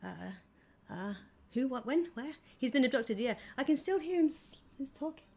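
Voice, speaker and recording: A woman co-hosting a loose live-stream chat. She talks in a fairly high voice, reads out viewer comments and slips into silly little songs. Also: animated, normal speed, creaky, warm tone. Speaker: co-host.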